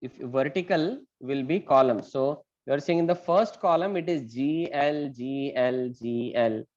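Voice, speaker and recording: A man's voice: medium pitch, a little slow, a little mellow. Patient male teacher on a muffled call. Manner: patient, questioning, explains step by step. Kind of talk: online class teaching.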